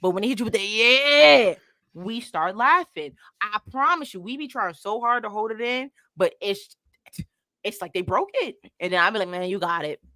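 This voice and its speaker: A woman's voice: mid-range voice, animated, brisk, bright, forceful tone, no room sound, clean studio sound. A woman guest on a podcast, chatting casually and acting out street scenes in different voices. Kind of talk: casual storytelling chat. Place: from the D.C. area.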